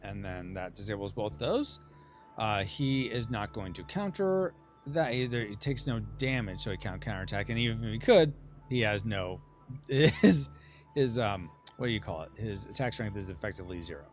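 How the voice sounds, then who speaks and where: A man's voice: lowish voice, lively intonation, moderate pace, soft background music. A man hosting a casual board game playtest, chatting and checking the rules aloud. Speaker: game host.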